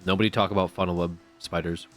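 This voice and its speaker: A man's voice: low-pitched, flat delivery, quick pace, faint music behind. Rambling, profane male streamer. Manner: rambling, profane, joking banter with chat. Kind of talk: casual live-stream chat.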